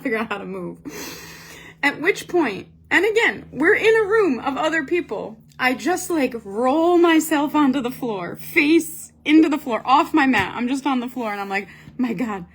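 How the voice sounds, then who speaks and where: A woman telling a casual story as a host, animated and self-mocking, with frequent fillers. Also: high-pitched, slightly rough. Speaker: Pilates instructor and podcast host.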